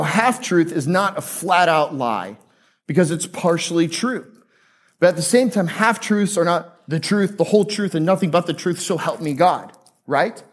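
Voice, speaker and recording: Man preaching, pastor, high voice, chatty and joking, asks the crowd questions, church sermon. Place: church with a live congregation.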